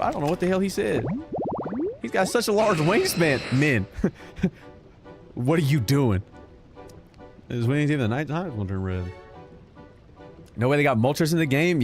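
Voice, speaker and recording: A young man streaming a game, giving casual commentary that is joking, animated and full of swearing. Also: mid-range voice. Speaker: gaming streamer. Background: game music.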